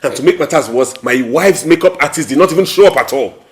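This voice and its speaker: An actor playing a frustrated Nigerian groom who complains in exasperation. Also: male voice, a little high, lively intonation, fast, close to an everyday voice. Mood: exasperated. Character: frustrated groom on his wedding day. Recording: echoey room.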